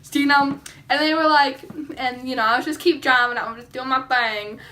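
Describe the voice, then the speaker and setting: A teenage girl chatters through a casual storytime vlog, her high voice bright and sharp. She rambles, giggles and fills her talk with "like" and "um". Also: steady tone, fairly quick. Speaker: vlogger.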